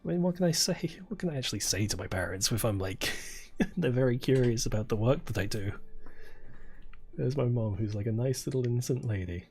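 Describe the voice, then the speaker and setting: A soft-spoken man in his twenties, chatting casually while streaming a game. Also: expressive, fairly quick, soft background music. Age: 20s. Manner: quiet, low-key and soft-spoken. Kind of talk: casual chat while gaming.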